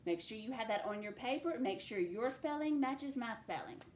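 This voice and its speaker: In an echoey room with faint ambience and a little hiss or hum, a woman sounds out words slowly for a phonics spelling lesson, stretching each sound as she dictates. Her voice is a little high, animated and darkish.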